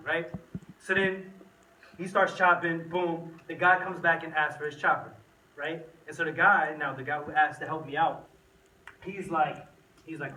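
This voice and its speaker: A young man tells a slangy, animated story to a youth group, recorded in an echoey room from a distance. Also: a little high, normal speed. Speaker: youth speaker. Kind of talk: storytelling talk to teens. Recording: echoey room, from the mic, faint noise.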